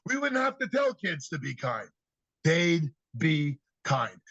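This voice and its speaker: A man guest on a podcast, telling lively stories about kids and acting out their replies in an energetic, conversational way. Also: fairly high pitch, slow pace, dry recording, lo-fi sound. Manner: animated storyteller, acts out kids' answers. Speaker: podcast guest, youth speaker. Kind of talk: storytelling interview talk.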